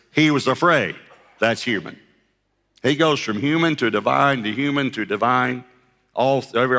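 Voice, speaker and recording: A male pastor delivering a sermon with a bright, forceful voice. He tells the story in an animated way, acting out the voices and laughing along. His words ring out with a long hall reverb behind them. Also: medium pitch.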